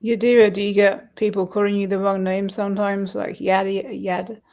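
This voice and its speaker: Creaky-voiced chatty woman on a livestream. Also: mid-range voice, flat delivery, moderate pace, darkish tone. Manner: friendly, chatty, repeats words while searching for them. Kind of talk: casual chat on a livestream.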